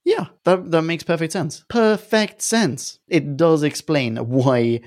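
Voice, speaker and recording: A man's voice: on the high side, measured pace, darkish tone. A man co-hosting a casual chat, talking loosely with frequent laughs and rambling asides. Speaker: podcast co-host.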